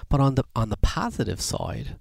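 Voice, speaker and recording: A man giving a sermon as a rabbi, telling anecdotes and jokes with lively voice shifts. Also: medium pitch, moderate pace, vocal fry, dry recording. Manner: animated storyteller, lively voice shifts.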